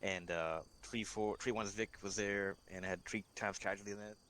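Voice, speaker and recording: Halting man giving a squad report. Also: lowish voice, fairly even intonation, fairly bright tone, slight background noise. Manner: halting, many fillers. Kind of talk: debrief report.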